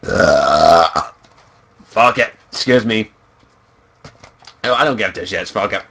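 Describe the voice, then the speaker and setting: A man's voice: lowish voice, moderate pace, sharp tone, slight background noise. A young man from Scotland, a streamer chatting casually in a profane, giggly, rambling way. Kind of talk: casual livestream chat.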